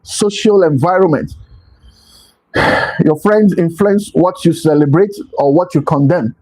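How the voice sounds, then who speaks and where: A man's voice: fairly high pitch, a little mellow, breathy edge, low-quality recording. A man giving a motivational talk as host, stressing points by repeating them. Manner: emphatic, repeats key phrases.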